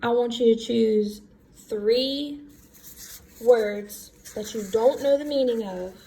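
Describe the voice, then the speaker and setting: A woman teacher giving a recorded reading lesson, talking slowly and thinking aloud as she works through words. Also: on the high side, dark tone. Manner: slow, thinking aloud while writing.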